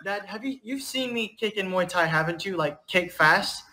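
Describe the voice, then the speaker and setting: A man's voice: high voice, animated, normal speed, bright, forceful tone. A man hosting a casual livestream, chatting with his parents and thanking viewers. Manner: chatty, talks about his day to viewers and family. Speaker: livestream host. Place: home indoors, outside a restaurant. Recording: echoey room with music playing.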